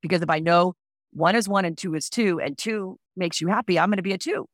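A woman in her forties tells candid stories for a podcast, blunt and lively as she acts out what others said. Her voice sits mid-range and is recorded close and dry, with no room sound. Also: fairly low pitch, fairly quick, dry recording. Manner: expressive, frank, acts out quoted voices. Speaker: podcast guest.

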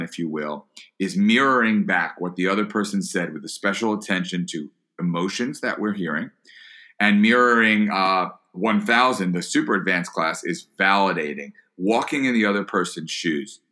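Low-voiced with a sharp tone, an entrepreneur and author is a guest on a podcast discussing leadership and listening. His earnest answers often start with repeated words.

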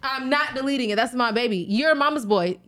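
Animated playful woman on a podcast. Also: high voice, fairly quick. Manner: animated, playful, talks over others. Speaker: podcast co-host. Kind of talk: casual chat.

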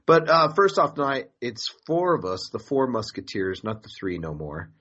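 A man's voice: mid-range voice, sing-song, normal speed, a bit bright, highs cut off. A man hosting a podcast in a casual, profane, joking way, rambling between topics. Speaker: podcast host.

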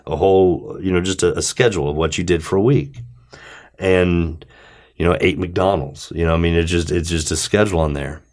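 A man's voice: sits low, steady tone, a little fast, a little mellow. A man, a former client, telling a rambling story in casual talk and acting out both sides of the phone calls.

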